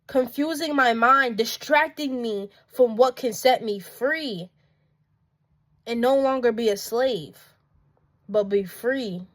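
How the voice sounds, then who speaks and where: A woman speaks in a high, bright register. She preaches in an emphatic, heartfelt monologue and hammers her points home by repeating them. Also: takes it slowly, long pauses. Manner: passionate, emphatic, repeats phrases. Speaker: faith vlogger.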